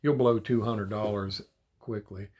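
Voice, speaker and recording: With a fairly low, darkish voice and fairly even intonation, this die-cast toy channel host speaks at a measured pace. His casual talk to viewers turns into a frustrated rant, heavy on swearing and repetition once he's riled.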